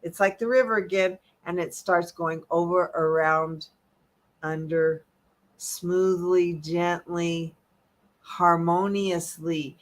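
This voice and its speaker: Animated motivational woman coach. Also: lowish voice, slow. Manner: animated, emphatic, swings between loud and soft. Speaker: holistic health coach. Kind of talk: motivational talk.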